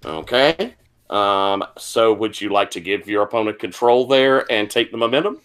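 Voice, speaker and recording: A man's voice: fairly low pitch, normal speed, fairly bright tone. A man as game master of a tabletop wrestling game, guiding players with questions over a video call.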